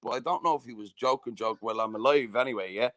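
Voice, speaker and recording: A man's voice: mid-range voice, quick pace, a bit bright, dry recording. A southern Irish man telling a story in casual chat, swearing freely and constantly checking "do you know what I mean". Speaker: podcast host.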